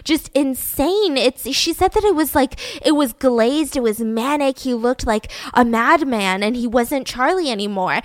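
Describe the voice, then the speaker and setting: Female podcast host, casual crime storyteller, slightly high voice, dry recording. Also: a little slow, hardly any pauses, no echo. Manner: animated, swearing, frequent fillers and "right?" check-ins.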